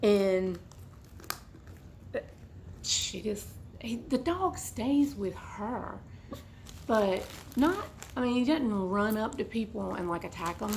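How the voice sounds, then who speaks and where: Woman, hoarse froggy voice, chatty and rambling, casual home unboxing, slight background noise. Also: mid-range voice, animated, slow, long pauses, poor audio. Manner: rambling, chatty, goes off on tangents. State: hoarse, congested, coughing. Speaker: vlogger unboxing a bag. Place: at home indoors.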